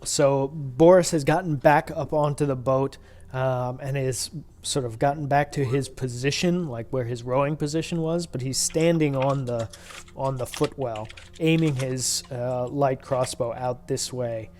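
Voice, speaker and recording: Slow, halting man running a tabletop game. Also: medium pitch, darkish tone, a little hiss or hum. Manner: halting, full of uhs and ums. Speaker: dungeon master.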